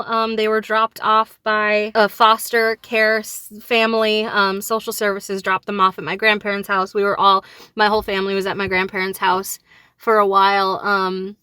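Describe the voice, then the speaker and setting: Bright-voiced woman fighting back tears. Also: medium pitch, smooth, dry recording. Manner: grieving and enraged, voice rising and falling. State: on the verge of tears. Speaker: vlogger. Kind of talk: emotional direct-to-camera talk.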